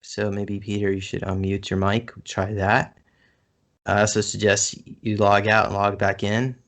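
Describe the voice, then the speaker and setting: A man's voice: on the low side, monotone, a little slow, a bit bright. A man talking as a guest on a video call, chatty with some hesitation. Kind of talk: casual online chat.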